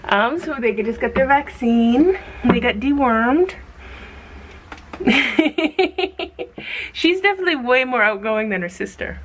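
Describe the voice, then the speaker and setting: A young American woman vlogging casually about rescue puppies, chatty, sometimes breaking into high baby talk for the dogs. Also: expressive, takes it slowly, long pauses, slight background noise. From United States. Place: animal shelter, outdoors.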